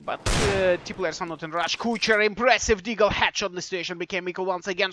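A man giving live play-by-play commentary on a competitive shooter match. He is excitable and joking, repeats his phrases, and breaks into shouts at big plays. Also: high voice, fast talker, few pauses, background noise. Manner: repeats phrases, fillers, non-native English phrasing. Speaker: esports commentator.

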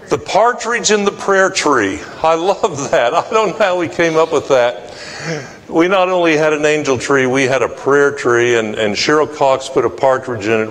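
A man's voice: on the high side, a bit bright, big-room sound, low-quality recording. A male pastor preaching a sermon, telling a personal story in a folksy way and acting out the people in it. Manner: folksy, acts out quoted voices. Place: church sanctuary.

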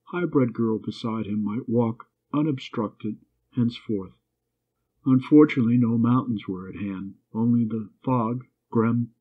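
Husky man narrating a story. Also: medium pitch. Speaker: story reader. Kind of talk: reading a story aloud for English learners. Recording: tinny phone-like line.

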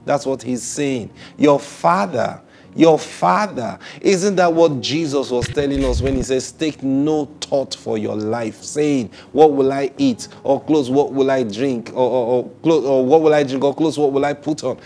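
A man preaching a sermon, emphatic, laughing often and climbing to loud high peaks on key lines. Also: measured pace. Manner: laughs often between points.

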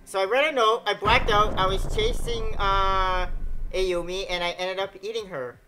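A man hosting a horror game let's play, reading dialogue and reacting in an animated way with casual swearing. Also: high voice, moderate pace, low-quality recording. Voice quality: animated, swears when startled. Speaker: gaming channel host. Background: faint game music.

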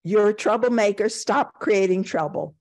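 Lady quoting old zen master guy, calm, blunt, short plain lines. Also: high-pitched, moderate pace, gravelly.

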